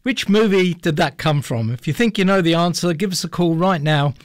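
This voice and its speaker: A man hosting a radio show, chatting briskly to listeners and running a phone-in quiz. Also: a little high, no room sound, studio quality. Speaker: radio host. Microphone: studio microphone.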